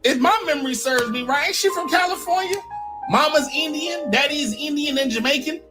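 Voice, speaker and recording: A woman's voice: high-pitched, fairly quick, music in the background. A woman commentator giving blunt, sassy, mocking opinions straight to camera. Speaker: social media commentator.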